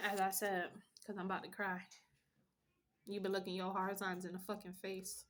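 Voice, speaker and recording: A woman's voice: mid-range voice, level tone, normal speed, a bit bright. A woman giving a casual tarot reading with a blunt, profane pep-talk manner. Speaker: tarot reader.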